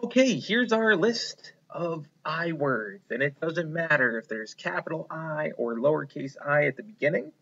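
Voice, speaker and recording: A man teaching a phonics lesson to young children, slowly prompting them to repeat words and praising them. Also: fairly high pitch, expressive, a bit bright, lo-fi sound. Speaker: kindergarten teacher.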